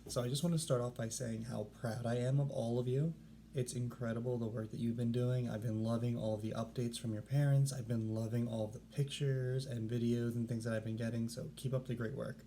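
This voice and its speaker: A man's voice: mid-range voice, level tone, fairly quick, warm tone, a little hiss or hum. A male teacher giving a read-aloud lesson to children, speaking in an encouraging, upbeat way.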